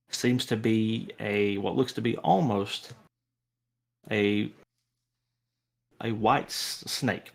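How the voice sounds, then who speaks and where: Gravelly game master man. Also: mid-range voice. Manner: relaxed storytelling with frequent restarts. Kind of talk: narrating a tabletop game.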